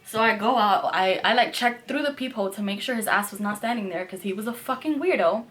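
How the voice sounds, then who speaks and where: A young woman vlogger telling a storytime tale in a profane, animated way, saying "like" constantly. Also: mid-range voice, fairly quick. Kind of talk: storytime vlog.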